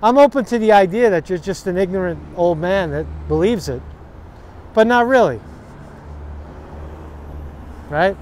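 A man's voice: sits high, expressive, a little slow, long pauses, darkish tone, slight background noise. A man ranting to camera outdoors on a city street, profane, sarcastic and combative. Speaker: vlogger. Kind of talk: angry political rant to camera.

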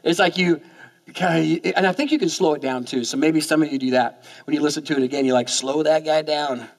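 A man preaching a sermon in church, talking fast and often repeating words as he goes. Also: fairly high pitch, creaky. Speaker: pastor.

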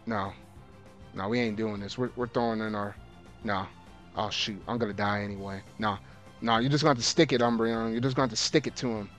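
A man hosting a let's play of a video game, grumbling in casual slang and breaking into loud, exasperated outbursts as the battle turns against him. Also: on the low side, steady tone, brisk, faint music behind. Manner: casual slang, repeats himself. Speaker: gaming video host.

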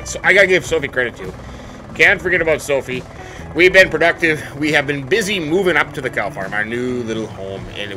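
A man giving casual gameplay commentary as a folksy, hammy farmer character full of exclamations. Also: fairly high pitch. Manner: folksy, hammy farmer persona with stock catchphrases; animated, exclaiming. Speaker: let's play host.

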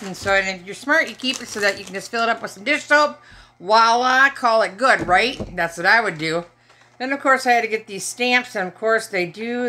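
Middle-aged woman, casual haul chat, bright ringing tone. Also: mid-range voice. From Michigan. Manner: chatty, joking asides to viewers. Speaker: haul vlogger.

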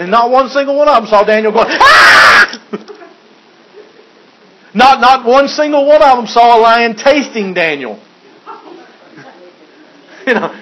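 A man's voice: high-pitched, a bit bright. A man preaching a sermon as pastor, joking and chuckling, with frequent restarts. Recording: dull lo-fi recording.

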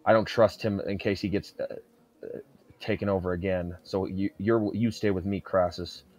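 In a deep, darkish voice with fairly even intonation and normal speed, a man voices his character in a tabletop role-playing game. He speaks sternly, makes threats, and often restarts sentences, with soft music in the background.

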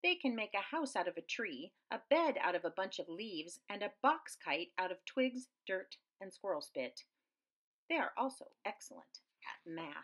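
A woman reading a children's picture book aloud with very expressive swings in pitch and loudness. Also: moderate pace. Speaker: storyteller.

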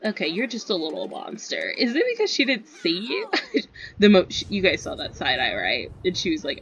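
A woman's voice: medium pitch, huge pitch swings, normal speed, a bit bright, breathy edge. A young woman giving chatty, giggly commentary on her own gameplay. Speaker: gaming video creator. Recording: slightly dull lo-fi sound.

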